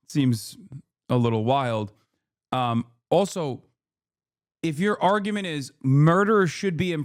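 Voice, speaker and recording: Male streamer in his thirties, fired-up reaction commentary, swears freely, slightly high voice, dry close mic. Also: no echo. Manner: heated, profane, rapid restarts. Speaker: streamer reacting to a debate clip. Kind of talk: casual livestream commentary.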